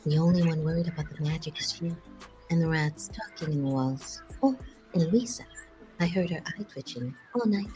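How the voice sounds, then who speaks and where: A woman voicing a hushed, secretive young woman who confides gossip in a soft voice. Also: high-pitched, expressive, moderate pace, music in the background, pitched above the performer's own voice, rough recording.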